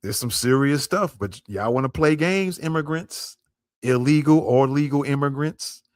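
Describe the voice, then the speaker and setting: A man's voice: medium pitch, moderate pace, dry recording. A man hosting a podcast, commenting on a clip in an emphatic way, repeating his points and speaking straight to his listeners. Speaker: podcast host.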